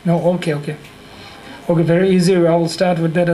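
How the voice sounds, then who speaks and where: A man with a Tibetan accent, a Buddhist monk giving a teaching, speaking haltingly, repeating and correcting himself, laughing often. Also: on the high side, level tone, warm tone, low-quality recording. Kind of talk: dharma teaching with humor. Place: teaching hall.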